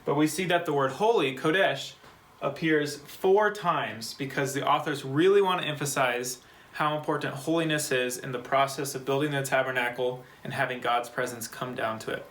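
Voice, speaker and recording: A man's voice: medium pitch, a bit bright, poor audio. A man teaching a short Bible Hebrew lesson for a church kids' program, explaining word by word in a patient, step-by-step way. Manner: patient, slow, spells out words.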